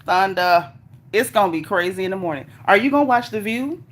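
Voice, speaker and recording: A woman hosting a casual livestream, reading viewer comments aloud in a chatty, animated, folksy way. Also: medium pitch, fast. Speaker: livestream host reading chat. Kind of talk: casual live chat.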